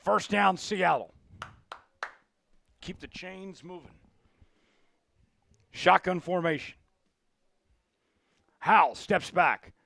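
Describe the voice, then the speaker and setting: A man hosting a live sports stream, calling plays and shouting when his team scores. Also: high voice, slow, creaky, pauses often, no room sound. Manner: excitable, shouts big plays. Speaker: livestream sports host. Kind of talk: live play-by-play watch-along.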